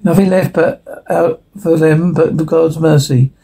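A man's voice: on the high side, fairly even intonation, measured pace, creaky, warm tone, breathy edge, low-quality recording. A man reading a TV drama script aloud, speaking every part himself and also reading the sound cues, with frequent stumbles and restarts. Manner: plain read-through with stumbles and restarts, little voice change between characters. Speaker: radio show host reading a screenplay.

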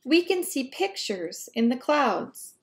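A woman voicing a gentle, reassuring mother mouse in a children's storybook, soothing and patient. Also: high-pitched, sing-song, slow pace, slight background noise, voice pushed up, full character voice.

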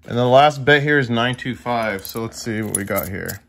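A man's voice: mid-range voice, normal speed, vocal fry, a bit bright. A young man in casual chat with his viewers, easily amazed and talking to them directly as he sorts through coins. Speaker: coin collecting vlogger.

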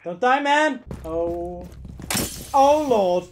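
Woman, gameplay commentary, excitable, shouts and swears, high lively voice, unhurried, noisy game audio behind. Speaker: gaming YouTuber.

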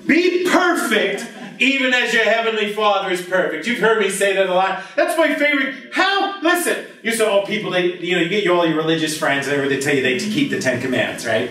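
A man preaching a lively, conversational sermon as pastor, joking with the congregation and breaking into shouts. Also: high voice, moderate pace, far from the mic. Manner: animated, jokey, bursts into shouts. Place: church sanctuary. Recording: echoey church from the back.

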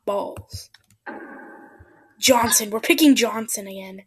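Woman, let's play commentator: excitable, high and slightly husky, prone to whispered asides. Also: unhurried. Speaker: gameplay commentator.

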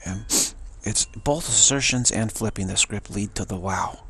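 A man giving a spiritual teaching monologue in a halting, searching way, restarting often, his voice fading toward a whisper. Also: fairly low pitch, fairly bright tone, husky.

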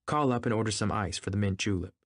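A man voicing a lively, restless rich young woman who cries out in a high voice. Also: fast talker, dry recording, clean studio sound, natural voice. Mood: commanding.

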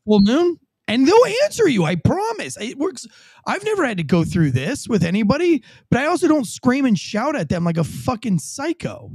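Husky, animated ex-cop podcast host. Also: male voice, very high-pitched, moderate pace, dry recording, studio quality. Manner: animated, profane, acts out voices mockingly. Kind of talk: casual live commentary on body camera footage.

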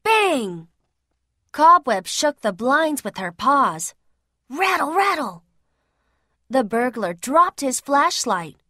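A woman reading a children's storybook aloud, slowly, clearly and expressively. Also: sits high, big pitch swings, bright, forceful tone, no room sound, clean studio sound.

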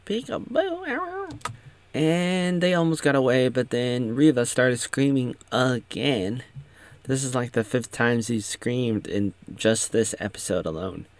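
A man's voice: medium pitch, a little slow, dry recording. A man giving casual, sarcastic commentary, rambling with many restarts. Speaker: show recap commentator.

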